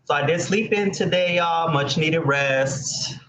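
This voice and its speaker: A man's voice: a little high, unhurried, a bit bright. A man hosting a casual home livestream, rambling to his viewers. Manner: rambling, chatty, talks to his pets and viewers. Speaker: livestream host. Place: home room. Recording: dull echoey room audio.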